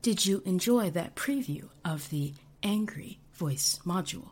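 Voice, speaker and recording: In a whispered role-play, a soft, low, breathy voice plays a courteous male AI assistant, put on by a woman. The speech is slow and formally polite. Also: animated.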